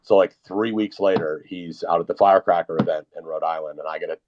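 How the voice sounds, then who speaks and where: A man's voice: sits low, steady tone, fast, highs cut off, slight background noise. A man in casual chat on a live online audio room, telling a long, rambling, profane story. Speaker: podcast co-host.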